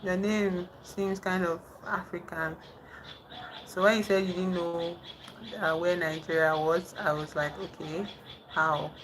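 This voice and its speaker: A woman casually chatting on a livestream with viewers, haltingly trying out French phrases. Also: fairly low pitch, level tone, slight background noise, poor audio. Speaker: livestream host. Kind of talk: casual live chat with viewers. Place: indoors in the dark at night.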